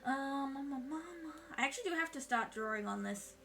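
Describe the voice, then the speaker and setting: A woman's voice: high voice, lively intonation, brisk, creaky, a bit bright. A woman streamer with a put-on Australian accent and a congested throat, chatting playfully and scolding her chat. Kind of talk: casual live-stream chat. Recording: background music playing.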